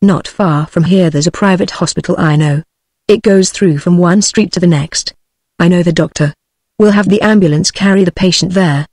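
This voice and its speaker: A synthetic British English woman's voice reading a novel aloud with an even, steady audiobook delivery. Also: on the low side, dry recording. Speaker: audiobook narrator.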